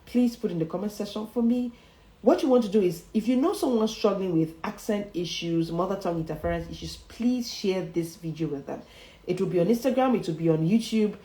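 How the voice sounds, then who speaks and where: A woman speaking coach giving a motivational talk, emphatic and slowing down to repeat her key lines. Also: medium pitch, lively intonation, dark tone, echoey room, rough recording.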